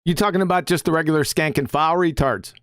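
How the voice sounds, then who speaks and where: A man hosting a casual online voice-call show, lively and quick to laugh, plugging clips between banter. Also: a little high, no room sound, studio quality. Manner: lively, laughing, promo plugs. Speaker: show host.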